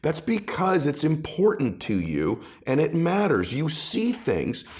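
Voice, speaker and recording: A man's voice: on the high side, huge pitch swings, unhurried, a little mellow. A middle-aged man, a guest author in an interview, telling personal stories with emphatic, building passion. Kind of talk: conversational interview storytelling.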